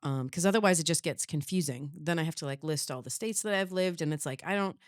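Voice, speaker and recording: Woman host in her thirties, faint Midwest vowels, lowish voice, dry close sound; chatty and anecdotal, full of restarts. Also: quick pace, no echo. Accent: faint Upper Midwest. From Wisconsin, US Midwest. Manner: chatty, storytelling, many fillers and restarts. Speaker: podcast host. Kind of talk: casual chat.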